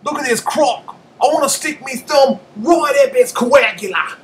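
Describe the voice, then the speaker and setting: A man's voice: very high voice, normal speed, slight background noise, voice pushed up. A man putting on an exaggerated Australian accent as a brash crocodile-wrangler man. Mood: rowdy. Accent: put-on Australian. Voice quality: shouty, exaggerated.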